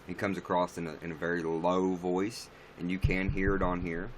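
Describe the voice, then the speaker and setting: A man's voice: low voice, flat delivery, normal speed, slight background noise. A man chatting casually on a livestream, answering viewer comments in a blunt, rambling, profane way.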